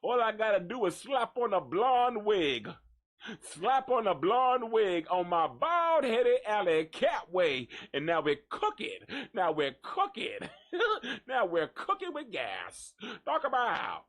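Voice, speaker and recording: Man, gossip host, slow drawl, lively swooping pitch, crude jokes. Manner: animated, profane, joking. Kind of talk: live gossip radio talk.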